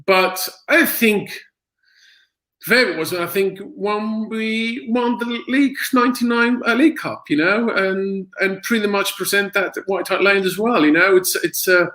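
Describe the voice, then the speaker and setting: This ex-footballer speaks English, not his first language, at normal speed with a voice that sits high. The audio is poor; in the casual interview he tells stories animatedly, laughing often and leaning on lots of fillers.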